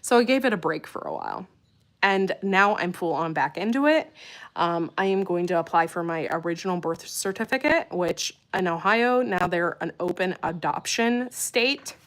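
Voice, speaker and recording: A woman with a fairly low voice chats on a livestream from home. She rambles happily and keeps repeating words when she gets excited. Her talk is loose and unscripted. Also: normal speed. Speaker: farm channel host. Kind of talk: casual livestream chat.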